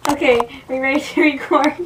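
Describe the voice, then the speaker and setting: Giggly high-voiced young woman. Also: flat delivery, a little fast. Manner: giggly, keeps breaking into laughter. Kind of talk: casual chat between skit takes. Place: bedroom at a sleepover. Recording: echoey room, distant camera mic, noisy.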